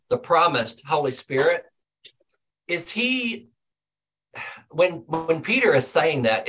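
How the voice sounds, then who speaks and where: A man's voice: a little high, sharp tone, poor audio. A man taking part in a group Bible study, earnest and thoughtful, with hesitant starts before his questions. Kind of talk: asking questions in a group discussion.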